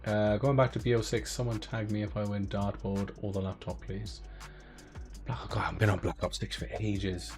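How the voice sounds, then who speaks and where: A man's voice: lowish voice, little pitch movement, moderate pace, a little mellow, soft background music. A young man casually hosting a giveaway live stream, chatting playfully, cracking jokes and counting down. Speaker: giveaway live draw host.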